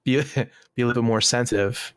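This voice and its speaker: A man's voice: mid-range voice, steady tone, a little fast, clean tone, no echo. A man co-hosting a comedy podcast, chatting casually in an easygoing, rambling way with chuckles. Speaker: podcast co-host.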